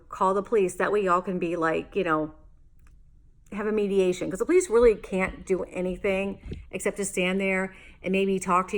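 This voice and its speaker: A woman vlogger telling a story in a casual, exasperated rant, rambling with fillers and restarts. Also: medium pitch. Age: adult, married homeowner.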